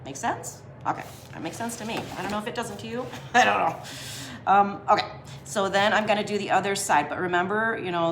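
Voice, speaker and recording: A woman's voice: mid-range voice, a little fast, echoey room, a little hiss or hum. A woman giving a casual drawing lesson as she sketches. She talks in a chatty, slangy way and laughs often. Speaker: drawing teacher.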